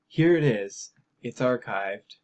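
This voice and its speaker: A man's voice: medium pitch, animated, slow pace, darkish tone. Heated man ranting over a news story. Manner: emphatic, heated, with frequent fillers and repeated phrases. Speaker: political commentary vlogger. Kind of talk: ranting commentary on a news article.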